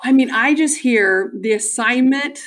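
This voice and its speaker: A woman's voice: on the high side, measured pace, a bit bright. A woman hosts a faith-based talk show, encouraging her guest and affirming what she hears. She asks her guest to break down the story for listeners. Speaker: podcast host. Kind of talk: interview questions.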